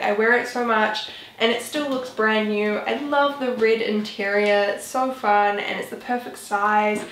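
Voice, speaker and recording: A woman's voice: medium pitch, fairly bright tone, a little hiss or hum. Chatty young woman in an echoey room. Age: 20s. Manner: chatty, rambling, full of "like" and "um". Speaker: vlogger. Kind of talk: casual chat.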